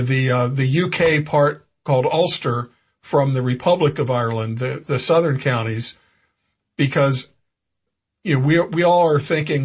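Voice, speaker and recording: Husky-voiced man hosting talk radio. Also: a little high. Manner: discursive, lecturing, frequent restarts. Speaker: radio talk show host. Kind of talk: political talk radio monologue. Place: home studio in Florida.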